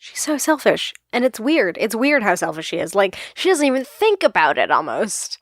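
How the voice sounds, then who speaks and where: Young woman podcast cohost, middle pitch, talks fast in bursts, dry close sound. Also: very animated, no echo. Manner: chatty, lots of "like" fillers, quick bursts. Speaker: podcast co-host. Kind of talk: casual chat.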